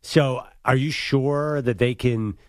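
Male co-host, jokey banter, dry studio sound, mid pitch. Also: fairly even intonation, darkish tone, dry recording. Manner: joking, quick banter, asks lots of questions. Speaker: sports talk show co-host. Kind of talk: casual sports chat.

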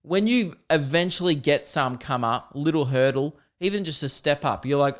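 A man's voice: fairly high pitch, a little slow, clean tone. A young man hosting a solo podcast, ranting with lots of swearing and bursts of laughter. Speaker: podcast host.

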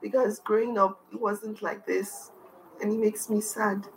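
A woman from Nigeria talks to an interviewer in an earnest, heartfelt way. Her pitch sits in the middle range. A faint hiss of noise stays under her voice throughout. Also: level tone, unhurried, vocal fry, low-quality recording. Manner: earnest, heartfelt, tearful at times. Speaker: foundation founder, guest. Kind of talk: emotional interview talk.

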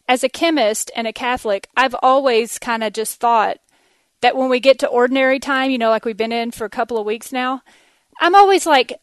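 Texan woman host, chatty solo talk, fairly high voice, dry close sound. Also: dry recording. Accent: Texas. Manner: chatty, laughs often, many fillers. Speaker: podcast host. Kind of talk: casual monologue.

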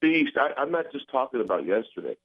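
A man's voice: medium pitch, sing-song, brisk. An older man calling into a sports radio show, arguing in a passionate, insistent way. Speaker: caller. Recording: tinny phone line.

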